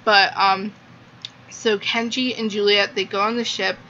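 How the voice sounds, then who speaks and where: A woman's voice: mid-range voice, steady tone, measured pace, bright, forceful tone. Gushing young woman, muffled lo-fi recording. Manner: gushing, filler-heavy, lots of "like". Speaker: book reviewer. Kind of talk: casual book review. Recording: muffled lo-fi with faint hiss.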